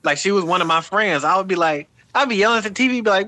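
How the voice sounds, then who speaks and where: A man's voice: sits high, quick pace, hardly any pauses, pushed and bright, no echo. A man co-hosting a casual chat, talking animatedly with heavy slang and profanity.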